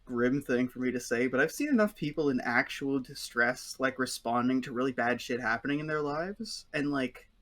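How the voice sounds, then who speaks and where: A man's voice: medium pitch, moderate pace, few pauses, fairly bright tone. A man acting as game master, casually chatting with players and rambling through stories. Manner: rambling storyteller, acts out voices. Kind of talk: casual chat between players.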